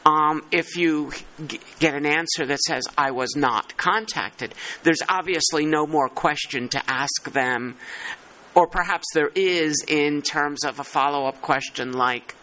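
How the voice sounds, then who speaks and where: Bright-voiced man chairing a meeting. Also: a little high, fairly even intonation, measured pace, poor audio. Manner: thinking aloud, self-deprecating. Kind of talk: working-group meeting discussion.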